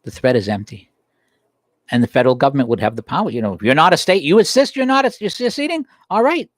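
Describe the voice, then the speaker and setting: Male talk host, heated emphatic monologue, very animated pitch, dry close sound. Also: fast, no echo. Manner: heated, emphatic, pitch rising sharply when worked up. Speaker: political talk show host. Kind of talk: impassioned political monologue. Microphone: livestream desk microphone.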